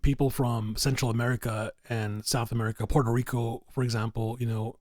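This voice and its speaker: A man chats as a guest on a podcast, rambling through his stories and leaning on constant fillers. His voice sits at a middle pitch. It is recorded dry and close. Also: little pitch movement, brisk, darkish tone, no room sound. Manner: rambling, fills nearly every phrase with "you know". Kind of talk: casual conversation.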